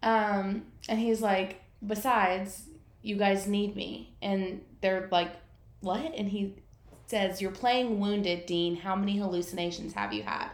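A woman's voice: medium pitch, takes it slowly, roomy sound. Woman casually recounting a scene. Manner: easygoing storytelling, quoting characters. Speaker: podcast co-host. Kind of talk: casual chat.

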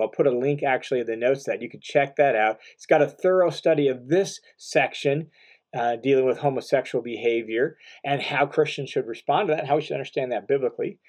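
A man's voice: mid-range voice, darkish tone. Earnest male Bible teacher. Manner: earnest, explanatory, slows to stress key phrases.

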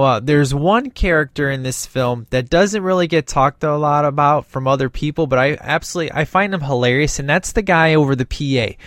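A man giving a casual, rambling movie review, excited and acting out bits of scenes in quick voices. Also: medium pitch, dry recording, clean studio sound.

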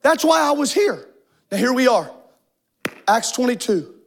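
Brief: male preacher in church, striking very high pitch, impassioned sermon that swells into shouts and sung phrases. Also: big pitch swings, moderate pace, gravelly. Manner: emphatic, shouting, half-singing cadence. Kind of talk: fervent sermon.

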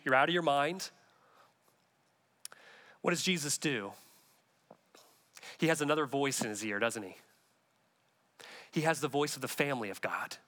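A man's voice: mid-range voice, bright, forceful tone. A man preaching as a pastor in an earnest, conversational sermon, acting out the voices he quotes.

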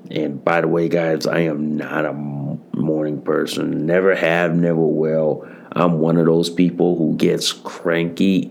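A man talks slowly in a low, gravelly voice, hosting his own podcast alone. He keeps repeating phrases and swears freely. He comes across as worn out. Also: a little mellow. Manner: repeats phrases, swears often, addresses listeners as guys. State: tired. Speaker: podcast host. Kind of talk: solo podcast monologue.

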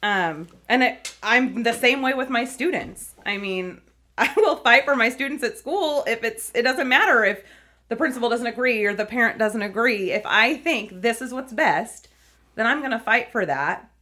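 A woman's voice: fairly high pitch, moderate pace. Earnest woman telling a foster story. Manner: earnest, animated storytelling with frequent laughs. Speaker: foster parent and teacher. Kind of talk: conversational interview.

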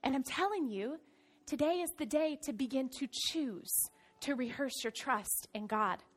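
A middle-aged woman pastor delivering a sermon in a church. Her voice sits high, and she tells her stories with energy, moving from quiet reflection to loud excitement. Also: a little slow, soft background music. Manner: animated storytelling, swings from soft to loud.

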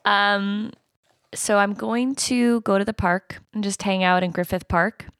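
A woman co-hosts a podcast in casual chat, playful, laughing often and asking plenty of questions. Her mid-range voice is steady, a little slow, fairly bright, clear and resonant, recorded at studio quality with no room sound.

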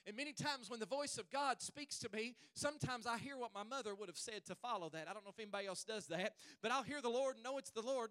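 A male pastor preaching a fervent sermon at a church service, stretching his phrases and rising to shouts. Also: very high voice, clear, resonant tone, no echo.

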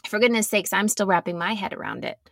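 A woman giving a reflective, earnest sermon, sometimes dropping to a soft near-whisper. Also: mid-range voice, expressive, fast, vocal fry, dry recording, clean studio sound. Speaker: speaker giving a devotional talk.

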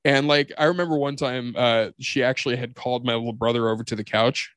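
A male podcast host with a voice of ordinary pitch, talking casually and telling stories with lots of energy. He swears freely. The sound is dry and close, with no room around it. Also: quick pace, clean tone, dry recording. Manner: animated storyteller, swears freely. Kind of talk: casual chat.

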